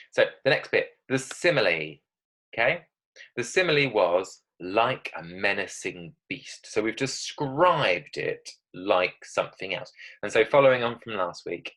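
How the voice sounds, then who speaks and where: A man with a fairly low voice teaching a short writing lesson to pupils on video. He speaks with lively emphasis, punctuates his points with "okay?", and slows down to read example sentences for dramatic effect. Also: low-quality recording. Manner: dramatic reading of example text. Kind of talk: recorded online writing lesson.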